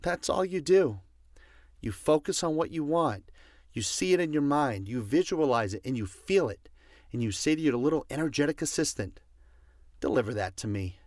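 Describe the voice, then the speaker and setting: A man's voice: on the high side, lively intonation, moderate pace, no echo, clean studio sound. A man giving a passionate motivational talk, stressing his points by repeating commands. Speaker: motivational speaker.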